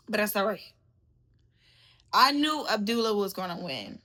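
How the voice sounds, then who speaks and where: A woman's voice: medium pitch, animated, normal speed, long pauses, pushed and bright. Chatty woman boxing vlogger. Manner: chatty, laughing, calls viewers baby. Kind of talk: casual chat to camera.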